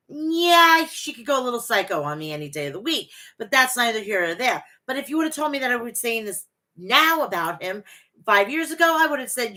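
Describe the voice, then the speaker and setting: Here the voice sits at medium pitch with a sharp edge. She's a woman in her forties running a casual wrestling podcast, cursing, gushing and wandering off topic while she responds to her live chat.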